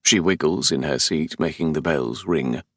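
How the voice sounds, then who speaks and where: A man's voice: extremely low pitch, normal speed, no room sound. A man with a London English accent narrating a romance audiobook in the first person, with a dry, sardonic, exasperated manner. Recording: dry close studio sound.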